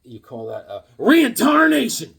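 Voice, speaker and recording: A man showing off his comic books in a casual vlog, animated and joking, with corny puns and sudden yelps. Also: high voice, measured pace, creaky, a little hiss or hum. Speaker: comic book vlogger. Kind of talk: casual show-and-tell chat.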